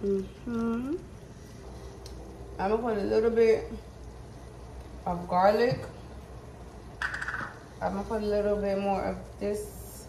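A woman's voice: a little high, slow, long pauses, roomy sound, noisy background. A woman cooking in her home kitchen, chatting casually to viewers and humming as she goes. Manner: chatty, talks to viewers as "y'all", hums while cooking. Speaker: cooking vlogger. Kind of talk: casual cooking vlog talk.

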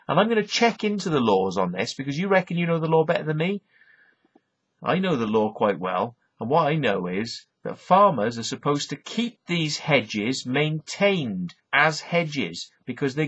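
Middle-aged Welsh man, husky combative ranter, dull lo-fi vlog audio, swears constantly. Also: on the high side, fairly bright tone. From Wales. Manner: sweary, combative, repeats "right?" and "yeah?". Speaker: YouTube vlogger. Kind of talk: profane ranting monologue. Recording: dull lo-fi recording.

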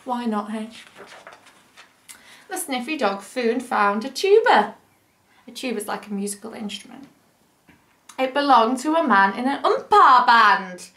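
A woman teacher reading a picture book aloud for children, adding gentle, chatty asides to young listeners. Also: a little high, lively intonation, a little slow, pauses often. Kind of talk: children's story time reading. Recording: roomy echo.

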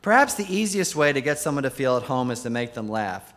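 A man's voice: mid-range voice, sing-song, fairly quick, a bit bright. A man, a Jesuit priest, giving a keynote talk full of funny anecdotes, dropping his voice to deliver quoted punchlines. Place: large conference hall. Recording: long hall reverb.

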